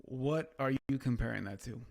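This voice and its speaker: A man's voice: mid-range voice, normal speed, vocal fry, a little mellow. A man co-hosting a podcast, recapping a show in a rambling, casual way with lots of fillers. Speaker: podcast co-host. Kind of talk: casual review chat.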